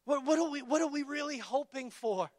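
A man preaching a sermon in an emphatic, repetitive call-and-response style, building to loud peaks and dropping to quiet asides. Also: extremely high pitch, brisk, no room sound, studio quality.

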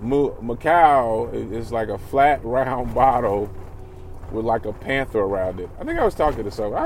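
A man's voice: mid-range voice, lively intonation, normal speed, slight background noise. Rambling, profane man venting. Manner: rambling, profane, restarts a lot. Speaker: vlogger. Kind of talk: candid personal vlog.

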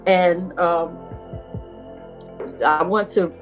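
Emphatic woman preaching over soft music. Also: on the low side, fairly even intonation, drawn-out words. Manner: emphatic, quotes scripture from memory, repeats key words. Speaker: aunt giving spiritual advice. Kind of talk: faith talk, preaching.

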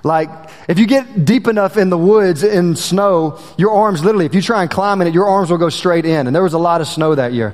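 A man's voice: sits high, fairly quick, in a large hall. A male preacher telling a personal story in a folksy way, calling the congregation y'all, then moving into a sermon.

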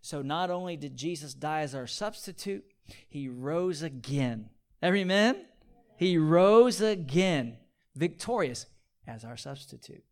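A man preaching with a fairly high voice, calling out for amens from his listeners. He drops to near-whispers for key points, then rises into loud, repeated pleas as he acts out his illustrations. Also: unhurried. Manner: swings from quiet, near-whispered points to loud, pleading repetition; call-and-response, asking the audience for amens. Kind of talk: sermon.

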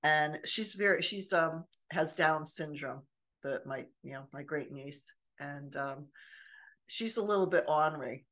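Older woman, casual podcast chat, earnest storyteller, lowish voice. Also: a little slow, a bit bright. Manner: storytelling, earnest, many restarts. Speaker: podcast co-host.

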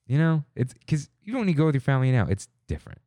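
Racing along in a mid-range voice, this young co-host is captured in clean studio sound without echo. He chats casually on the podcast, a rambling storyteller who animatedly quotes other voices.

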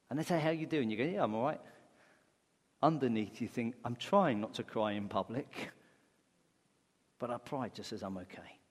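A man's voice: mid-range voice, a little mellow, slightly rough. A man preaching a sermon as pastor, conversational, asking rhetorical questions. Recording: long hall reverb.

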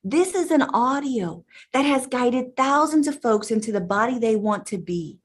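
A woman hypnotherapist in casual talk to her viewers, chatty and emphatic, pausing now and then to gather her thoughts. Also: on the high side, expressive. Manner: chatty and emphatic, addresses listeners directly. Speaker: channeling hypnotherapist.

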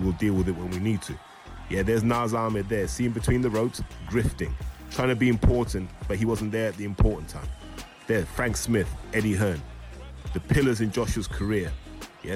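A man's voice: lowish voice, darkish tone. A man giving blunt, scornful commentary over boxing footage. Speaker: boxing analyst.

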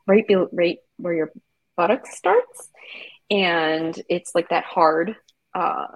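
Gravelly, husky woman telling her story. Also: on the low side, slow, no room sound, dull audio. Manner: emotional, frequent fillers like "like". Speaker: interview guest. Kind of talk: candid conversational storytelling.

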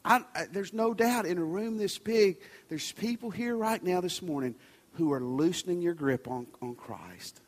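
High-voiced pastor preaching in a big reverberant church. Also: male voice, moderate pace. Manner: conversational preaching, urgent pleas dropping to soft near-whispers. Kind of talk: sermon. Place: large church sanctuary. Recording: reverberant large church hall.

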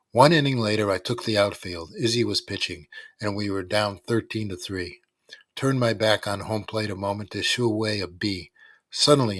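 A man with a low voice reads a first-person story aloud, wry and dry in how he tells it. The sound is close and dead, with no room around it. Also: a bit bright, dry recording. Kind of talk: scripted first-person narration.

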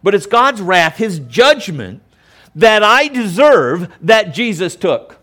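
A man's voice: high voice, big pitch swings, takes it slowly, bright, forceful tone. A male pastor preaching a sermon in an emphatic, conversational way. He often stops to check in with the listeners.

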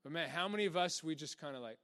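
A man preaching a lively sermon, animated, often laughing and acting out little voices. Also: fairly high pitch, fast.

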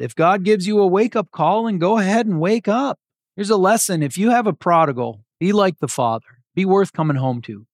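Earnest pastor preaching conversationally. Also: male voice, a little high, no room sound, clean studio sound. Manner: conversational and earnest, with casual asides. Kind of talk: sermon.

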